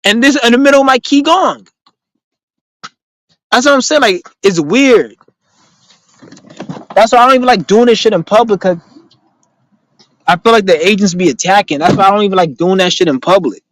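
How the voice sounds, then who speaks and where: A man with a somewhat high voice rambles through a casual live-stream chat, heavy on profane street slang. He tells his stories with animation, and his voice is recorded close and dry, with no room sound. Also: moderate pace, pauses often, dry recording, low-quality recording. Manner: animated storytelling. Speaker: live stream host answering viewer questions.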